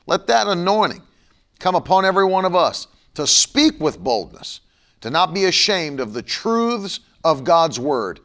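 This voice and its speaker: A man's voice: high-pitched, sing-song, unhurried, fairly bright tone. A middle-aged man preaching a broadcast sermon and leading a prayer, emphatic and fervent, now and then mocking his critics.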